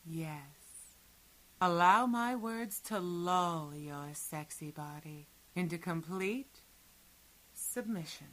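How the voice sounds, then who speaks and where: A woman in a whispered role-play speaks with a slightly low, tense, bright voice. She draws out each soothing, commanding instruction at a very slow pace. Her voice often slips into breathy whispers. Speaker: hypnosis audio performer.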